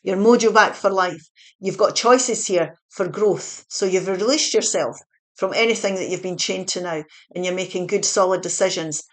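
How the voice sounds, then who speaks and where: A woman gives a spoken tarot reading in a chatty, reassuring way, at medium pitch and a moderate pace, now and then correcting herself mid-sentence.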